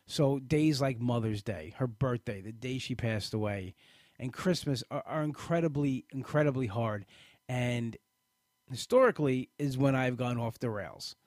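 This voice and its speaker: A man's voice: mid-range voice, moderate pace, a little mellow, no echo. A man hosting a casual podcast, rambling with restarts and fillers, talking close to the mic. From Italian-American family. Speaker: podcast host. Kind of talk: casual live podcast chat.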